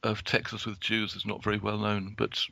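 Halting man with a gravelly voice. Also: lowish voice, monotone, bright, forceful tone, no echo. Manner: halting, with many restarts and fillers. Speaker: guest speaker. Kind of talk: prepared talk from notes.

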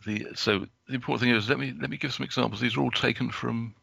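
A man with a heavily gravelly, creaky voice and a bright, sharp edge to it. He talks from prepared notes in a halting way, stopping and restarting his sentences often. The recording is close and dry. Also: medium pitch, steady tone, no echo. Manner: halting, with many restarts and fillers. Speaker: guest speaker.

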